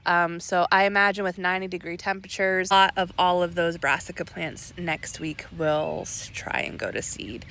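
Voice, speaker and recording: In a lowish voice at normal speed with few pauses, a heavily pregnant woman in her thirties gives a casual garden update. This garden vlogger sits outdoors in a lounge chair in her backyard garden, short of breath but relaxed, chatty and laughing lightly.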